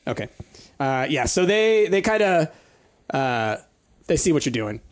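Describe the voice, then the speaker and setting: A man running a tabletop game as game master, reading rules aloud in a casual, halting way. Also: on the high side, big pitch swings. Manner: casual, halting, many fillers.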